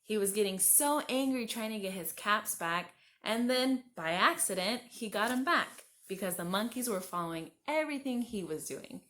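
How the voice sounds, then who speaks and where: A woman reading a picture book aloud to children, gently, talking to her listeners as friends and asking them questions. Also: medium pitch, animated, moderate pace, few pauses. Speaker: children's story reader.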